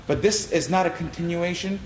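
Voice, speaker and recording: Giving rehearsal instruction to an orchestra, this conductor speaks briskly in a higher voice, singing out rhythms to demonstrate how phrases should go. There's slight background noise. The recording carries a spacious hall sound with music faintly audible.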